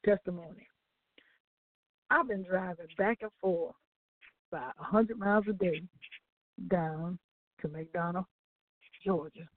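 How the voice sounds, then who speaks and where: Woman, gospel radio co-host, animated testimony, dry phone-line audio. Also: lowish voice, unhurried, pauses often, no echo. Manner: animated storytelling with laughs and acted-out quotes. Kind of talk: testimony on a gospel talk show.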